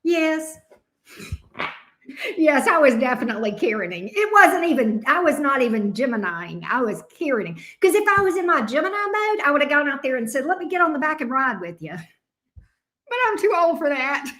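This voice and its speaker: Lady w/ high voice, cussing and chatting live from her home tarot room, joking at herself. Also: sing-song, normal speed, sharp tone. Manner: profane, chatty, self-mocking. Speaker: tarot reader. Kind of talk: casual live-stream storytelling.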